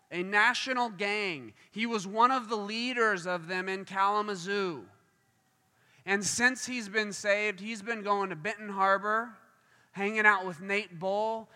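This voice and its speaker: A man's voice: high voice, clear, resonant tone. A man preaching a sermon, telling a story and acting out the voices in it. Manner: animated, acts out voices in stories. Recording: long hall reverb.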